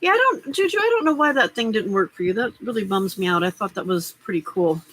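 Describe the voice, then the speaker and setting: A woman's voice: medium pitch, animated, quick pace, a bit bright, poor audio. A middle-aged woman hosting a casual live stream, chatting and rambling as she crafts and answers viewers' comments. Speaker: livestream host.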